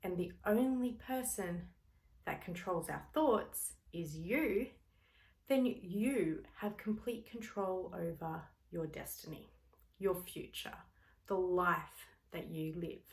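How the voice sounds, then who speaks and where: A woman's voice: on the low side, slow, gravelly. A woman who is a parent and works with clients, giving a motivational teaching talk and acting out everyday scenes as she explains. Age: adult parent. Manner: expressive, acts out everyday scenes. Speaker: speaker on personal growth, works with clients.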